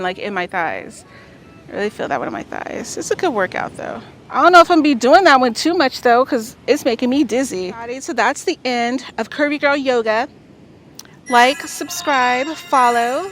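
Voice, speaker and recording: With a high, slightly bright voice and normal pacing, a woman guides beginners through a relaxed yoga session outdoors on a beach for her vlog. Soft music plays behind her as she chats, encourages, and often asks "okay?"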